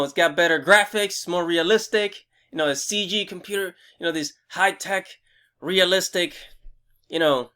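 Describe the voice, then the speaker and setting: A young man hosting a casual game review vlog, excitable and rambling, swearing freely and restarting his sentences often. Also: high-pitched, clear, resonant tone. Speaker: gaming video host.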